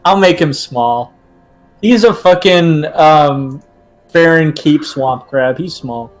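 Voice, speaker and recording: A man as game master of a tabletop game, talking casually, cursing freely and filling pauses with "uh" and "um". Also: fairly high pitch, rough recording. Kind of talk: running a tabletop game over voice chat.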